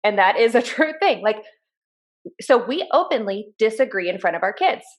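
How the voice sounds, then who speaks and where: A woman in her thirties co-hosting a podcast, telling personal stories in an earnest, animated way. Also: medium pitch, moderate pace. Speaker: podcast co-host. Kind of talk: casual chat.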